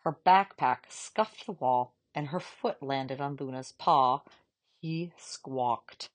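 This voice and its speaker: A woman reading a children's novel aloud in a calm, measured narration. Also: low-pitched. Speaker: audiobook reader. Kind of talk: storybook narration.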